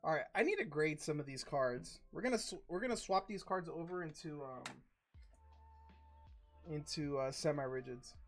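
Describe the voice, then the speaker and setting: Animated, foul-mouthed male card streamer. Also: a little high, normal speed, soft background music. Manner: profane, slangy, chatty banter. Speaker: live card-break streamer. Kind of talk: casual live-stream chat.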